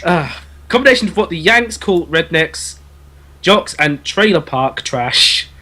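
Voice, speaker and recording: English male guest, slightly high pitch, jokey and sweary. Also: a little slow. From England. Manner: joking, swearing, animated storyteller. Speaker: podcast guest. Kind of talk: casual chat.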